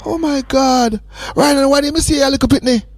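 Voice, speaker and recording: A man's voice: extremely high pitch, fairly quick, no room sound. A man hosting a radio call-in show, joking and teasing his caller in a playful, sing-song way. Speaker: radio host. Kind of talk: casual call-in chat.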